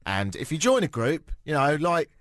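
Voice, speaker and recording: A man's voice: a little high, normal speed, dry recording. A man with a British accent hosting a radio talk show, telling stories in a playful, teasing way. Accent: British English. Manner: playful, teasing, animated storytelling. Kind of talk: casual radio chat. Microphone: studio mic.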